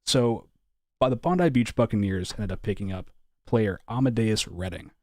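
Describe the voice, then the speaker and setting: A man hosting a live online draft stream, with relaxed, upbeat announcer patter. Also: fairly low pitch, moderate pace, no echo, clean studio sound. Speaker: draft host.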